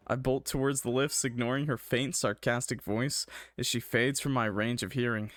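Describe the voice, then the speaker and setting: A man's voice: medium pitch, steady tone, fairly quick, few pauses, fairly bright tone, dry recording, studio quality. A young man streaming a visual novel, reading the story aloud with a dramatic tone and breaking off for casual jokes. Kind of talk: reading a game aloud with jokey asides.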